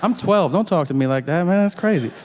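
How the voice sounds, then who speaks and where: A man's voice: sits high, animated, brisk, darkish tone, a little hiss or hum. A man playing a cocky twelve-year-old boy who talks tough in a live stand-up recording. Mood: brash. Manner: brash street-tough talk.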